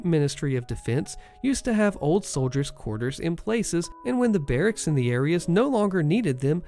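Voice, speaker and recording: A narrator reading online stories aloud in an expressive, animated way. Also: mid-range voice, creaky.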